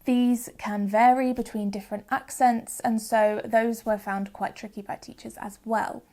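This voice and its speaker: A young woman from the UK hosting a phonics lesson, explaining patiently and sounding out examples slowly and clearly. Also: fairly high pitch, level tone, warm tone. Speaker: phonics teacher and channel host. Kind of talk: educational video lesson.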